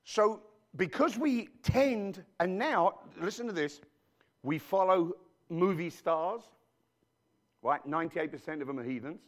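A male pastor delivering a sermon in a church, his voice pitched a bit high and swinging widely in tone. He keeps turning to the congregation with questions and asks them to answer back. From outside the United States. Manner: preachy call-and-response with the congregation.

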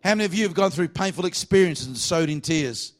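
A man with an Australian accent preaching a lively revival sermon in a church hall. His voice sits a little high, and he swings between quiet, joking asides and loud, exuberant bursts. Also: fast. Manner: jokey, exuberant, swings from hushed to shouting. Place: church hall before a congregation.

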